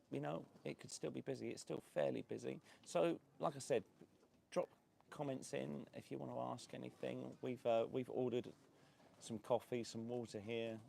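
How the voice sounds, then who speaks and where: A man's voice: fairly low pitch, vocal fry, darkish tone, slight background noise. A man hosting a casual live stream from an outdoor beachside cafe, chatting in a rambling way with lots of fillers and frequent laughs. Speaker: host of a property and lifestyle channel.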